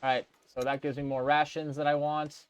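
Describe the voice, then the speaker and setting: A man's voice: on the high side, level tone, brisk, clear, resonant tone. A male gamer reading game text aloud and thinking aloud in casual gameplay commentary. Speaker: let's play gamer.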